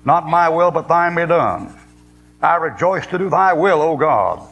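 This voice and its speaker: A man preaching a sermon in a blunt, folksy and sarcastic way, slowing into a weightier cadence when he quotes scripture. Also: a little high, lively intonation, fairly bright tone, slight background noise, rough recording.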